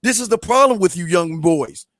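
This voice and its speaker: A man with a fairly high voice speaks as a guest on a livestream. He talks bluntly and lectures, repeating his phrases. The sound is close and dry. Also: expressive, normal speed, a bit bright, no echo. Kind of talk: casual livestream talk.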